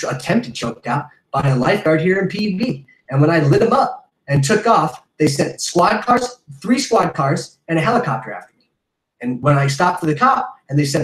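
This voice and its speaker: Fired-up guy ranting and swearing, kinda high voice, echoey room. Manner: profane, heated, rambling with restarts. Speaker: podcast host. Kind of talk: casual rant.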